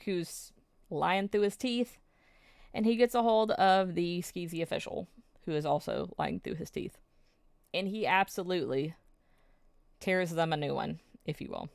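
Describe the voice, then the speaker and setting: A woman's voice: mid-range voice, clear, resonant tone, no room sound, studio quality. A woman recapping episodes of a drama in a casual, emotional, storytelling way, with plenty of fillers.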